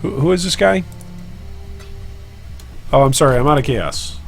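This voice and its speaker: A man's voice: a little high, expressive, normal speed, gravelly. Joking man streaming, faint music behind. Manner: joking, self-deprecating, chatty with viewers. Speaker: gaming streamer and guild leader. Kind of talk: casual live-stream commentary while trading.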